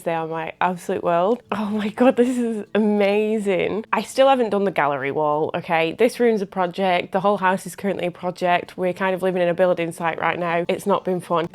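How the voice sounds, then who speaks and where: A woman chatting excitedly to camera in a casual vlog, often laughing and gasping as she talks. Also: lowish voice. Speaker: small business owner and vlogger.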